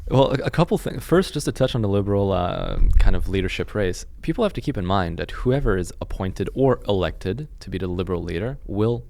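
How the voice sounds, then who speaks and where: A man's voice: lowish voice, lively intonation, fairly quick, vocal fry, hardly any pauses, darkish tone, no echo. A man from Canada hosting a political podcast, blunt and joking, with a lot of swearing. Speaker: podcast host. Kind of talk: casual political podcast chat.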